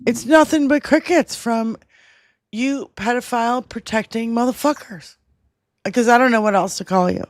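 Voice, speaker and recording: A woman's voice: a little high, moderate pace, no echo, clean studio sound. A woman co-host ranting in a heated casual chat, furious and swearing heavily. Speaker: podcast co-host.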